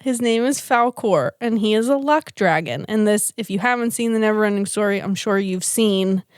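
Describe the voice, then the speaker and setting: A woman's voice: mid-range voice, normal speed, clean tone, no echo, studio quality. A woman co-hosting a podcast, chatting casually and retelling a film plot with lots of laughter. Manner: giggly, animated storyteller who laughs often. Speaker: podcast co-host.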